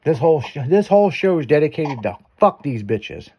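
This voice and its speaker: A man's voice: on the high side, sing-song, fairly quick, breathy edge, highs cut off. A man hosting a chat show, telling crude stories and laughing as he goes. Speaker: show host. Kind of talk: casual profane chat show banter.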